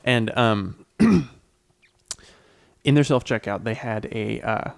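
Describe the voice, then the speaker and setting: A man's voice: on the low side, slow, vocal fry, no room sound, studio quality. Laid-back young man on a podcast. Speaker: podcast co-host. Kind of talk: casual chat.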